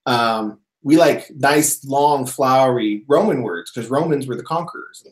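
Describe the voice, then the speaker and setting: Speaking a little slowly in a medium-pitched voice, this man co-hosts a casual podcast from an echoey room. He's a lively storyteller who laughs a lot and performs the quotes he tells.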